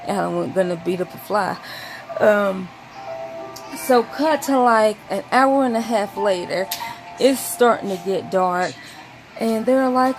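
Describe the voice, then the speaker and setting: A woman telling a rambling story to camera, acting out quotes in a high voice. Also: lively intonation, normal speed, over music, low-quality recording. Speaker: vlogger.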